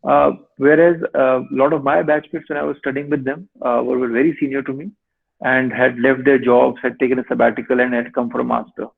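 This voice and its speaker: A male lawyer in his thirties, giving measured advice in a webinar over a video call. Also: medium pitch, little pitch movement, vocal fry. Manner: measured, advisory. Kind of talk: webinar answer. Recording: tinny online call audio.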